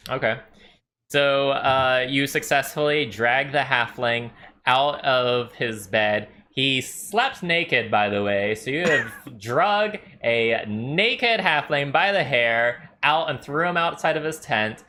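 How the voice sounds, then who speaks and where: A man runs a tabletop game as game master, narrating scenes in a loose, rambling way full of fillers. His voice has a bright, forward edge at an average pitch. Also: animated, slow, slight background noise.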